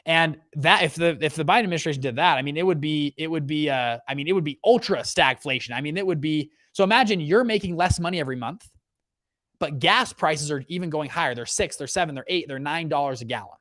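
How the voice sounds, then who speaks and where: A young fund manager hosts a casual livestream on economics and investing, talking fast in a slightly high voice with studio quality and no echo. He's full of energy, keeps checking in with "okay" and "right," uses lots of fillers, and often restarts his sentences.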